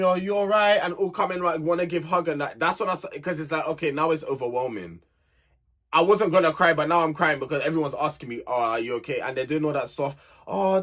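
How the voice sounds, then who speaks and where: A man's voice: on the high side, fairly bright tone. Young guy, casual TV recap host, blunt, sighs and scolds with rhetorical questions. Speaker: reality TV reviewer.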